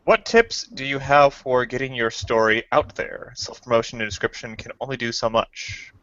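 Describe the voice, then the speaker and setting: A man's voice: mid-range voice, fairly even intonation, normal speed, a bit bright, no echo. A man chatting on a podcast, retelling things with many stammers and fillers. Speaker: podcast co-host. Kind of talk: casual chat. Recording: dull lo-fi podcast audio.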